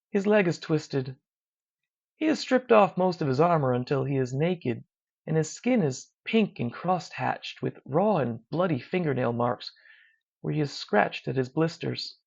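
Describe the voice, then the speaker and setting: A narrator reading a dark first-person horror story in a slow, measured, hushed way. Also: medium pitch. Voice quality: gravelly. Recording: dull lo-fi recording.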